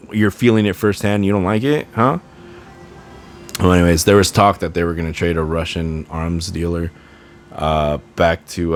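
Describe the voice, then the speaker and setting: A man in his twenties hosting a casual solo podcast, rambling through tangents with a sarcastic edge. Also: low voice. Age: 20s. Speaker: podcast host.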